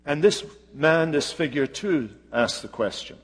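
A man preaching a sermon, retelling a scripture story slowly and dramatically with pauses. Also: a little high, expressive, in a large hall.

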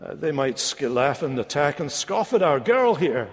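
A man preaching a sermon, emphatic and deliberate, with rhetorical questions. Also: on the high side, big pitch swings. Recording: long echo of a large hall.

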